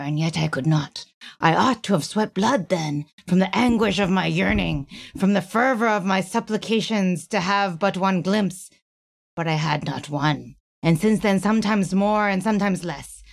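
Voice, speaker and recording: A woman's voice: lowish voice, creaky. A woman voicing a grieving man haunted by the spirit of his lost love, in a brooding, anguished dramatic reading.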